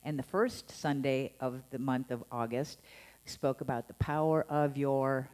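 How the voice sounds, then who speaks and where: A woman's voice: a bass voice, measured pace. A woman minister giving a Sunday sermon in a playful, conversational way. She acts out the tones she is talking about. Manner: animated and playful, acting out scolding tones with laughs. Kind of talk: Sunday sermon to a live and online congregation. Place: church service.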